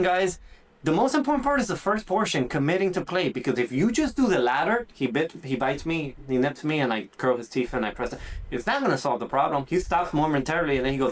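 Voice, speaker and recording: A man hosting a casual podcast on dog training, with a voice a little higher than most men's. He explains things in an animated, conversational way, says "dude" a lot, and slips into quick acted lines for puppies and owners. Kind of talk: casual instructional podcast talk.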